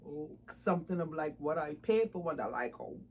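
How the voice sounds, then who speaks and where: A woman's voice: low-pitched, expressive, moderate pace, husky, rough recording. A woman chatting casually to camera about her doll hobby, informal and laughing often. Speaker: doll collector vlogger.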